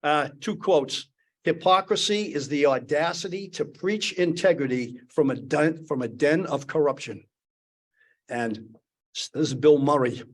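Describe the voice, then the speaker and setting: Rambling older man, somewhat high voice. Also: a little slow. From Boston area. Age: 70s. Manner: rambling anecdotal talk with many restarts. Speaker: panelist. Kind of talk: storytelling on a panel. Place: conference panel.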